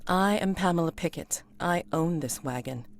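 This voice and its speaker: A man voicing a commanding woman who owns a traveling wagon, in a high, imperious voice. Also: normal speed, lightly acted. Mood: confident. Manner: high shrill calls, imperious. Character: brisk woman wagon owner, bold and commanding.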